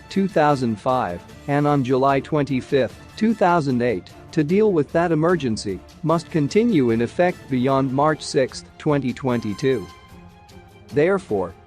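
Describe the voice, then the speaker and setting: A man reading a news bulletin in a steady, even, scripted way. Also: mid-range voice. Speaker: news reader.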